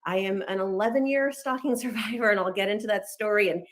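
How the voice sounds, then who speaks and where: A woman in her thirties from Los Angeles, telling her personal story quickly and candidly, acting out bits of dialogue along the way. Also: medium pitch, slight background noise. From Los Angeles, United States. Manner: fast, candid, animated retelling with quoted dialogue.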